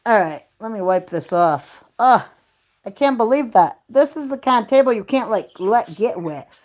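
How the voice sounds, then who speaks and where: This livestream host, a middle-aged woman at home, talks at normal speed with lively intonation in a slightly high, slightly mellow voice. She holds her phone by the bedroom window, chatting casually and laughing at her own stories.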